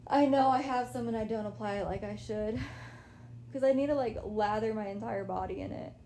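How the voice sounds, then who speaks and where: Chatty young woman with gravelly fry. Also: a little high, brisk, warm tone, a little hiss or hum. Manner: chatty, laid-back, says "like" and "y'all" a lot. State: pregnant, a little out of breath. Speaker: livestreamer. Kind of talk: casual livestream chat. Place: her apartment, lying down.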